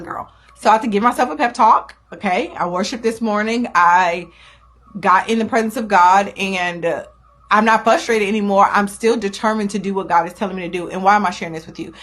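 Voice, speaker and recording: A woman's voice: medium pitch, a bit bright. A young woman hosting her podcast, talking candidly and emphatically as she encourages listeners in their faith. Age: young adult. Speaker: podcast host. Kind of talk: faith-based motivational talk. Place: small home recording studio.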